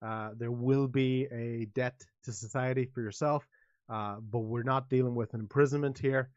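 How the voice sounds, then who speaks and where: A man voicing a flustered small-town male mayor who speaks in halting, official, placating phrases. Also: mid-range voice, steady tone, dry recording, muffled recording, lightly acted. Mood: grave.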